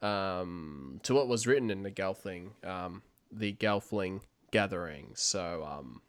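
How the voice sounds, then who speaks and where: A man's voice: low-pitched, lively intonation, slow pace, clear, resonant tone. A man co-hosting a casual fan podcast, hesitant with many fillers and restarts. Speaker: podcast co-host.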